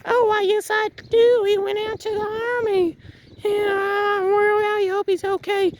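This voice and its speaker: Woman doing a very high, gushing old-fashioned girl. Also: flat delivery, a little slow, background noise. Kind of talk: amateur comedy skit acting.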